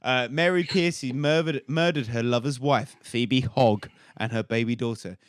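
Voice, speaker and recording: A man's voice: mid-range voice, moderate pace, clean tone, no echo, clean studio sound. A man co-hosting a podcast, telling history in a jokey, sweary way. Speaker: podcast co-host. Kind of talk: casual chat.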